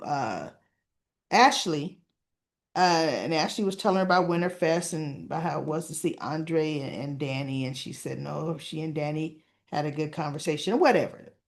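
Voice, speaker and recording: A woman's voice: deep voice, moderate pace. A woman talking casually as she recaps a soap opera episode, with frequent asides asking the listener "right?".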